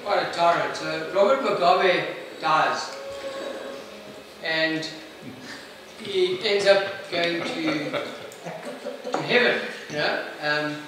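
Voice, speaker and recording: A man telling a long joke to a group in a lively, chuckling way. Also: a little high, takes it slowly, pauses often. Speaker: joke teller. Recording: echoey, noisy, far from mic.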